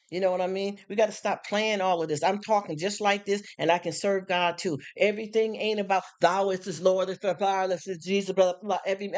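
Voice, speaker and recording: A man in a casual live stream, talking frankly about faith and daily life, often asking if listeners follow him. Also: high voice. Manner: frank and streetwise, preachy in bursts.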